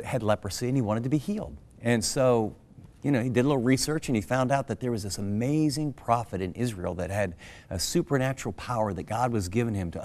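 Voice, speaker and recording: A middle-aged American man speaks as a pastor, teaching scripture in a conversational way. His delivery is earnest and animated. He drives his points home with direct questions to the listener. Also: medium pitch. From United States.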